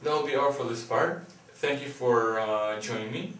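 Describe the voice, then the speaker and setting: A man teaching a pronunciation lesson, drilling each syllable deliberately. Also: mid-range voice, fairly bright tone. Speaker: language teacher. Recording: echoey room, distant from the mic.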